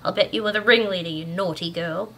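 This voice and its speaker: A woman's voice: mid-range voice, fairly quick, bright, forceful tone, breathy edge. An Australian woman voicing a stern but kindly tall male caretaker, mildly exasperated and scolding.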